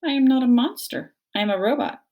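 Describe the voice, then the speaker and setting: A woman voicing a calm, polite female robot who speaks formally and stiffly. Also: high-pitched, fairly quick, voice pushed up.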